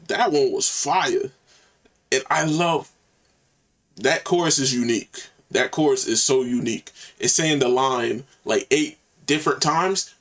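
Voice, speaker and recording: A man hosting a reaction video, chatting excitedly in casual slang about a song he just heard. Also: medium pitch, distant mic. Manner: excited, slangy, quotes lyrics back.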